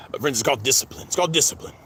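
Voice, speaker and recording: Guy rambling at his viewers outdoors, pitch jumping all over, always saying friends, faint noise behind. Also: animated, fast talker, sharp tone. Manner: repeats 'friends' constantly, stammering restarts. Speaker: vlogger. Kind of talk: rambling personal vlog. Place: outdoors at a cemetery.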